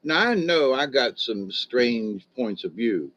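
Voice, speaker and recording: A man's voice: mid-range voice, sing-song, takes it slowly, fairly bright tone. An older man giving a rambling spiritual talk on a long livestream, chuckling often, with speech shaped by missing teeth. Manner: meandering, chuckling, with many fillers and restarts. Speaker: spiritual teacher. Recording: dull lo-fi stream audio.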